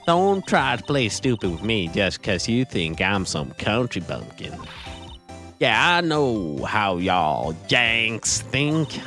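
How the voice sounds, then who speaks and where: A man's voice: fairly low pitch, very animated, slow pace, pushed and bright, soft background music, exaggerated voice. A man voicing a brash young woman photographer with a Southern accent, talking in a sassy, bossy drawl while reading game dialogue. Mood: feisty. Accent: American Southern.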